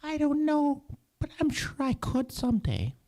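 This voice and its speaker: A man's voice: big pitch swings, measured pace, mellow, exaggerated voice. A man voicing a tiny, kind, brave mouse in a storybook tale told to children. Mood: earnest. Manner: high squeaky pleading voice.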